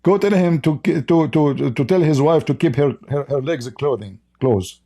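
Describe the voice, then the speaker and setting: This is a man streaming live in his second language, English, reading out chat messages and mocking them bluntly and heatedly in broken English. He speaks at normal speed in a slightly high, dark-toned voice.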